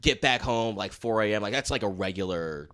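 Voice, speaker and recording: A male stand-up comedian from Washington, D.C., chatting as a podcast guest. He tells his stories in a loose, slangy way and swears constantly. His pitch jumps up and down a great deal as he talks. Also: a little fast. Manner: animated, swears a lot, slangy. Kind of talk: casual storytelling chat.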